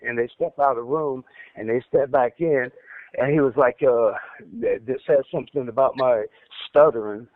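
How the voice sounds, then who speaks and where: A man's voice: mid-range voice, moderate pace, no echo. A man with a stutter telling his story on a recorded phone call, rambling and repeating himself. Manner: rambling, repeats words, heated when recounting. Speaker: inmate telling his account. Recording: tinny prison phone line.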